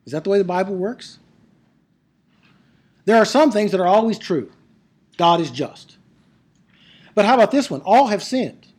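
A Bible teacher giving an emphatic classroom lecture on biblical Greek, asking rhetorical questions and slowing down to stress key words. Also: medium pitch, animated, darkish tone, slightly rough.

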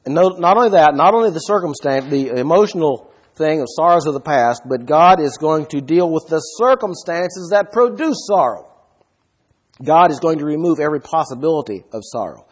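A man's voice: fairly high pitch, lively intonation, moderate pace, slightly rough. A man preaching a sermon with emphasis, often putting questions to his listeners.

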